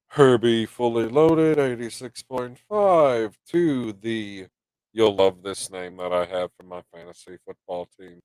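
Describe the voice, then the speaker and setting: A man's voice: mid-range voice, darkish tone, no room sound. A man with a stuffed-up nose hosting a live stream, rambling casually, swearing and reading chat aloud.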